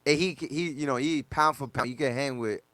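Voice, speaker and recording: A man's voice: medium pitch, brisk, a bit bright, no room sound. A man, a DJ guest on a podcast, telling stories casually with loose slang and lots of fillers.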